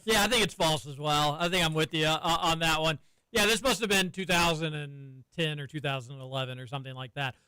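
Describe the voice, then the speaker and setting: A man's voice: fairly high pitch, brisk, pushed and bright, clear, resonant tone, no echo, low-quality recording. A man in his thirties hosting sports radio, telling stories and teasing his cohosts in a studio. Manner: chatty, storytelling, teasing. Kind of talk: casual sports radio banter. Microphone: studio microphone.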